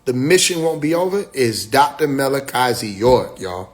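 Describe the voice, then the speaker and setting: A man's voice: mid-range voice, sing-song, normal speed. A man, talking loose and emphatic in a livestream monologue, full of profane slang, racing ahead in bursts and then drawing words out. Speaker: livestream host.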